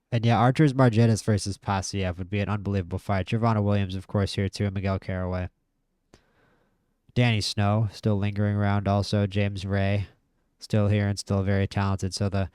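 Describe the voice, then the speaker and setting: A man giving casual, excitable commentary while playing a boxing management game, talking to himself about each fight. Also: on the low side, clear, resonant tone, no room sound, clean studio sound. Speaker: gaming video host.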